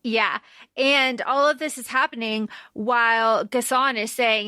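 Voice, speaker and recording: Bright-voiced woman podcast co-host. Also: fairly high pitch, a little slow, clean tone, dry recording. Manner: animated retelling with quoted dialogue. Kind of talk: casual book discussion.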